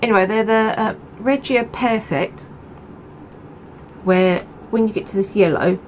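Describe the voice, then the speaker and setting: A woman's voice: medium pitch, unhurried, slight background noise, rough recording. Chatty woman rambling to camera. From Essex, England. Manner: rambling, chatty, with many ums and asides. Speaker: knitting podcast host. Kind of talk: casual chat to camera.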